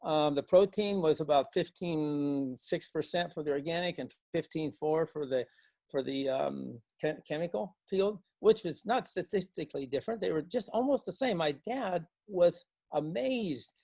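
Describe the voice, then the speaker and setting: Older man from Montana, folksy farm storyteller, slightly high voice, dry close sound, lots of ums. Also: moderate pace, vocal fry, dry recording. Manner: folksy, animated when quoting others, many fillers and restarts. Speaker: organic farmer and speaker. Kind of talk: storytelling talk to a club.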